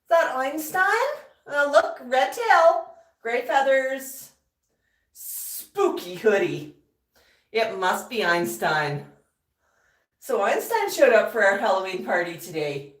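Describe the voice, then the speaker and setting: High, sing-song woman cooing at her parrot. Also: big pitch swings, slow pace. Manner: cooing, sing-song baby talk to a bird. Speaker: parrot owner and channel host. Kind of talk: casual vlog talk to a pet. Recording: roomy, distant mic, faint music.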